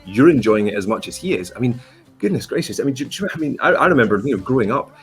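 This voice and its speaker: A Scottish man, a guest on a casual live-streamed football chat, animated and swooping up in pitch when worked up. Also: racing, faint music behind. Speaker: guest pundit.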